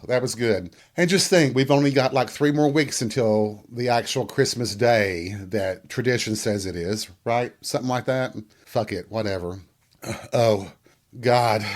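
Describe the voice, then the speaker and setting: A man from the American South, hosting a casual solo podcast monologue in a bawdy, self-mocking way. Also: medium pitch. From US Bible Belt. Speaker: podcast host.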